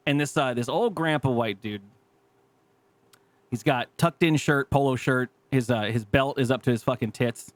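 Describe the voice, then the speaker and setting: A man's voice: mid-range voice, normal speed, dry recording. Profane storytelling man, dry close mic. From California. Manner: animated, profane, acts out quoted people. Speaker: podcast co-host. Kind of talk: casual storytelling chat.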